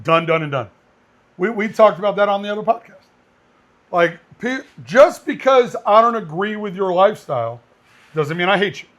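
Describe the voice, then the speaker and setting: Brief: high-pitched male podcast co-host, blunt and animated, firearms instructor. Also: normal speed. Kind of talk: casual podcast chat.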